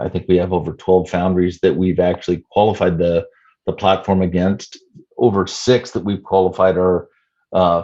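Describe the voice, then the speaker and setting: A man in his fifties, a startup CEO answering interview questions in a measured way with many "you know" fillers. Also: low voice, darkish tone, dull audio. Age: 50s.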